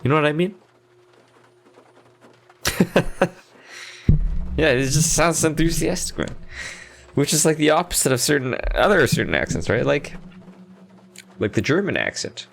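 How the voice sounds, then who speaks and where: A man's voice: a little high, animated, moderate pace, creaky, pauses often, fairly bright tone. A man streaming a game, chatting casually and thinking aloud in a laid-back, rambling way. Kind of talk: casual chat while gaming.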